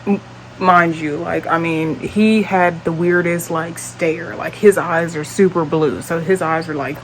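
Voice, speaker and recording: Blunt, low-voiced woman telling a story. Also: steady tone, a little slow, slight background noise, poor audio. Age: late 20s. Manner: blunt, profane, exasperated. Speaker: vlogger. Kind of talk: storytime vlog.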